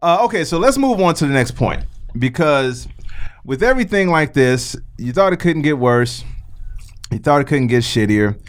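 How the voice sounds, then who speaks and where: A man co-hosting a podcast, telling stories in an animated way and swearing freely. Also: on the high side, moderate pace, smooth. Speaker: podcast co-host. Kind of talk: casual podcast chat.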